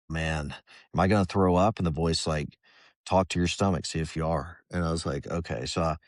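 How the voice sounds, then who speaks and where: Speaking in a very deep voice, a middle-aged man who once served as an Army Ranger recounts his story on a podcast as a guest. His storytelling is candid, conversational and rambling, and he keeps dropping into the voices he heard in his head. The recording is studio-clean, with no room sound at all.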